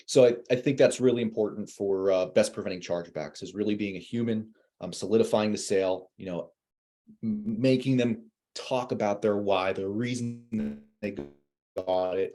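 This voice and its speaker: A man, an insurance agent, telling sales stories in a casual, animated way and acting out callers in a higher voice. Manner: many fillers and restarts. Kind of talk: casual webinar talk.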